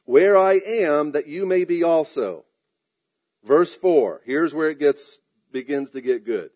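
A man with a slightly raised pitch preaches a sermon. He stretches out his emphatic lines, then drops into soft, quick asides. Now and then he clears his throat. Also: animated. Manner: preaching with emphatic drawn-out phrases and sudden asides. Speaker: pastor.

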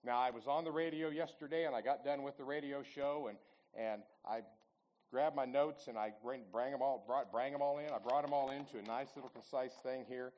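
A man's voice: medium pitch, brisk, darkish tone, lo-fi sound. A man in his sixties giving a folksy storytelling talk at church, chatting with the audience and asking them questions. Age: 60s.

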